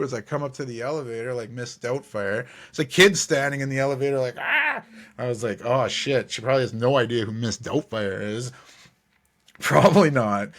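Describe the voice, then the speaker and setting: A man hosting a sports podcast, running through the week's news and then telling loose, profane stories from a trip. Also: mid-range voice. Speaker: podcast host. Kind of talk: casual sports podcast monologue.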